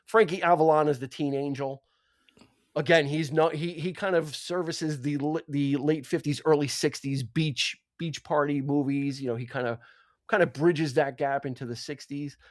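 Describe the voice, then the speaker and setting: A man's voice: on the high side, steady tone, normal speed, no room sound, clean studio sound. A man co-hosting a podcast, chatting casually about an old film with many restarts and fillers. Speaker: podcast co-host.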